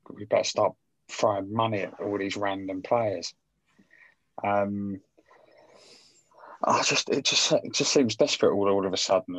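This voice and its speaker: A man's voice: on the low side, fairly bright tone, no echo, low-quality recording. A man on a football podcast, grumbling in an exasperated, casual way. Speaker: podcast regular.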